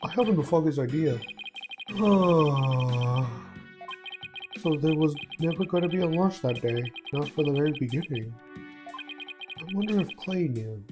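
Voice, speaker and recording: A woman with a low voice voicing a weary, self-pitying older male astronaut, read aloud over game music. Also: brisk, close to an everyday voice. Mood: gloomy. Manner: earnest, mournful, self-deprecating.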